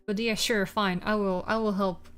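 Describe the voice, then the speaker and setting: A woman's voice: mid-range voice, little pitch movement, normal speed, fairly bright tone, clean tone, faint music behind. A woman streamer chatting casually with viewers, rambling and swearing through exasperated rants.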